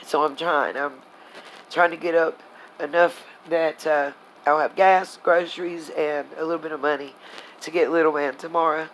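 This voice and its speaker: A woman's voice: deep voice, steady tone, moderate pace, a little hiss or hum, rough recording. A woman, angrily venting to her viewers in a casual vlog, blunt and heated, talking to them as y'all. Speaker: vlogger. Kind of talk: angry casual vlog rant.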